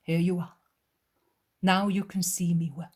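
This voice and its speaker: Jesus, soft and tender, slow and breathy, read by a woman. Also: fairly low pitch, flat delivery. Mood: coaxing. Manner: soft, hushed, tender speech. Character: gentle, compassionate male Jesus, calm and loving.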